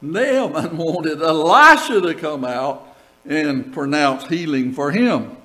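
A man's voice: fairly high pitch, big pitch swings, a little slow, bright, forceful tone, poor audio. An older man, a pastor preaching a sermon, reading scripture and telling stories with asides to the congregation. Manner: storytelling, reads scripture aloud with asides to the congregation.

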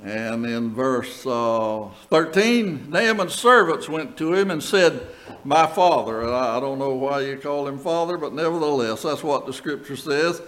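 An older man preaches a sermon in a slightly high voice. He tells stories from his own ministry and reads scripture aloud, turning to the congregation with quick asides. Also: animated, a bit bright, low-quality recording. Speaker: pastor.

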